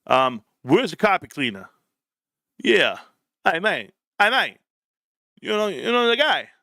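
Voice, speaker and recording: A crude, excitable buddy blurts out his words and repeats himself, as a man puts him on for a joke. The voice rides a bit higher and louder than plain talk, with an animated swing. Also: measured pace, creaky, no echo, clean studio sound, full character voice. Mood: excited.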